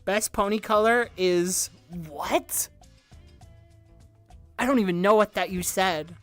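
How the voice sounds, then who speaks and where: A woman hosting a casual livestream, answering viewer questions in a rambling, excitable way, swearing and laughing often. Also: mid-range voice, slow, no echo, soft background music. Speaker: VTuber livestream host.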